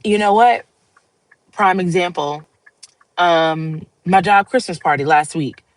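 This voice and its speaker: A woman's voice: fairly low pitch, slow pace, dry recording, low-quality recording. A woman hosting a livestream, talking to viewers in a casual, heartfelt monologue. She rambles earnestly and laughs often. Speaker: livestream host.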